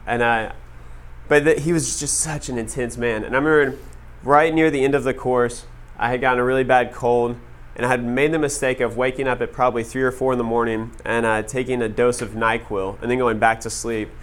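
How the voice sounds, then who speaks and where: A man telling a story to an audience in a casual, animated way, full of "like" fillers. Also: medium pitch, brisk. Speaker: speaker addressing an audience. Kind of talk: storytelling talk to a live audience.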